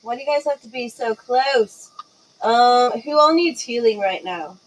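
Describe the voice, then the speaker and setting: A woman's voice: fairly high pitch, lively intonation, measured pace, low-quality recording. A woman playing a tabletop game, talking casually with hesitant ums as she plans her turn. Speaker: player.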